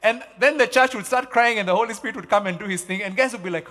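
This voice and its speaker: A middle-aged man preaching a sermon as pastor, emphatic and animated, repeating key phrases as he tells stories. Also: high-pitched, fast, hardly any pauses, background noise. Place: large church hall. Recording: long church hall reverb.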